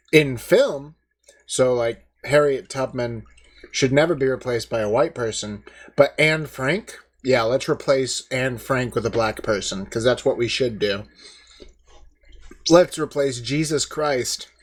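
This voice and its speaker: A man hosting a commentary video, talking in a casual, mocking, indignant way with many fillers. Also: medium pitch.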